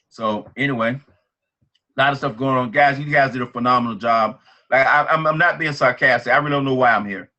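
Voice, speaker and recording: A man leading a team training call as a motivational pep talk, energetic and repetitive. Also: mid-range voice, a little fast, dull audio.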